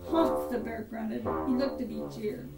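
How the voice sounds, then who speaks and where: A woman reading a rhyming storybook aloud in a sing-song, animated rhythm over improvised music. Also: a little high, moderate pace, vocal fry. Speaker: reader. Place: house room. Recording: echoey room, mic far off, with instrument playing.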